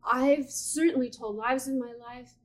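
A woman's voice: sits high, measured pace. A woman in her forties co-hosting a podcast, chatting casually in a supportive, reflective way. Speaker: podcast co-host. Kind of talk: casual chat.

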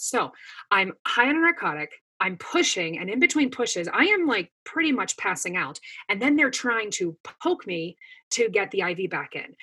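A woman's voice: mid-range voice, pushed and bright, husky. A woman in her thirties, a podcast guest, telling a long story in casual chat with plenty of fillers. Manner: chatty storytelling with many fillers.

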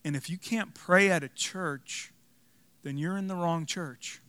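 A young man preaching a sermon, telling a personal story with animated, self-mocking humor before closing with a call to prayer. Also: sits high, measured pace, clear, resonant tone, no room sound. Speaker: pastor.

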